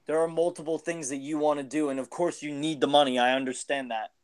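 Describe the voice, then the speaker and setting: A man's voice: on the high side, fairly even intonation, fast, clear, resonant tone. A man in a casual podcast chat, earnestly lecturing a friend with advice. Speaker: podcast co-host.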